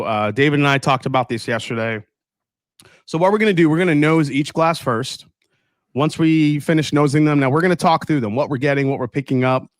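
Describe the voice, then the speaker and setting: A man's voice: medium pitch, no echo, studio quality. A man hosting a casual livestream tasting, upbeat, greeting viewers by name and reading their comments aloud. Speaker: livestream host.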